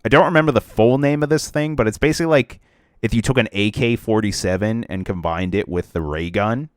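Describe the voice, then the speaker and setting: A man's voice: lowish voice, fairly quick, no echo, clean studio sound. A young man co-hosting a casual podcast about video games, rambling with lots of fillers and restarts. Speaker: podcast co-host.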